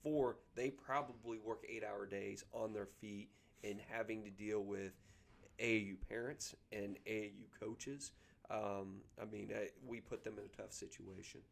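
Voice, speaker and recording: A middle-aged man, a basketball coach talking earnestly as a guest, pausing often with ums and restarts. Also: on the low side, steady tone, gravelly. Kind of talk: casual podcast conversation.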